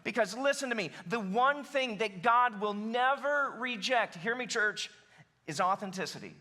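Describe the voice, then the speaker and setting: A man preaching a sermon as pastor, animated and emphatic, speaking directly to the congregation in a church. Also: high-pitched, normal speed. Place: church sanctuary.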